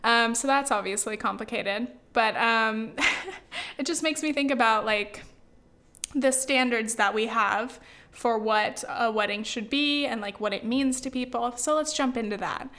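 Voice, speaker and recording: A young woman from the US West Coast rambles through a casual vlog, her voice pitched a little high. She fills her talk with "like" and "you know", with sighs and laughs scattered through. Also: a little slow, sharp tone, slight background noise. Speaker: vlogger.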